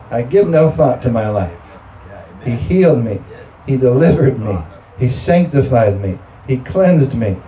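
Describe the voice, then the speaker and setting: A man's voice: mid-range voice, mellow, poor audio. A male pastor preaching a sermon and leading a communion prayer, with emphatic, rising delivery and call-and-response to the congregation. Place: church sanctuary.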